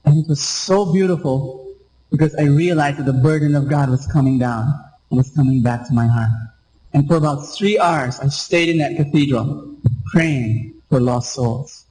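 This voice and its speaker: A Filipino man preaches a sermon in a notably high voice. He tells his story earnestly and slows down to stress the points that matter. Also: a little mellow, poor audio. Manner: earnest storytelling, slowing down for emphasis. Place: church or radio broadcast.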